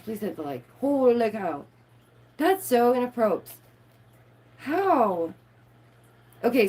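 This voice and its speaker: A woman's voice: medium pitch, darkish tone, husky. A woman, live streaming and reading news aloud with playful, sarcastic asides to her viewers. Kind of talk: casual live-stream commentary.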